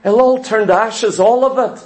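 High-voiced preacher in an echoey room. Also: male voice, moderate pace, a little mellow. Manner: fervent, rhetorical questions, repeats words. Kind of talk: sermon.

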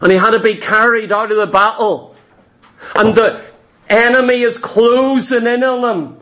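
A man's voice: very high-pitched, fairly even intonation, moderate pace, fairly bright tone. A male pastor preaching a sermon, telling a scripture story emphatically and acting out the characters' lines. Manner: emphatic and exhortative.

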